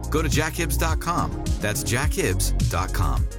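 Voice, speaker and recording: A man reading a scripted radio program announcement in a measured way. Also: mid-range voice, big pitch swings. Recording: announcement over music.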